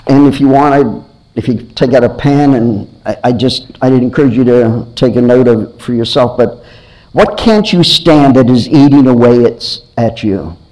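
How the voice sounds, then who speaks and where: A man's voice: mid-range voice, a little mellow, rough recording. Earnest male preacher, questioning. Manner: earnest, questioning, repeats and restarts phrases. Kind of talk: sermon.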